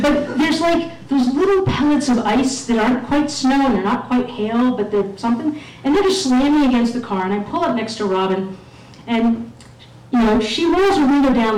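Woman storyteller, wry and self-mocking, slightly high voice, recorded in a room from afar. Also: darkish tone. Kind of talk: live personal storytelling. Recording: echoey room, mic at a distance.

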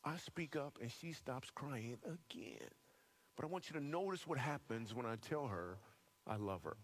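Male preacher, 30s, storyteller type, mid-pitched, funny and earnest, live church room. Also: noisy background. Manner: animated storyteller, bursts of quick delivery and joking asides. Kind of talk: sermon with humorous stories. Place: church auditorium, live audience.

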